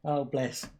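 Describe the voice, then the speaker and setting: A young man hosting a casual live stream, chatting, laughing often and reading out viewer comments. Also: mellow.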